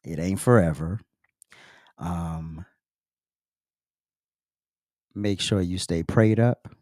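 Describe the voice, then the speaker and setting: A man's voice: low voice, slow pace, darkish tone, no room sound, studio quality. A man hosting a podcast, telling an earnest, reflective personal story with open emotion. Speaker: podcast host.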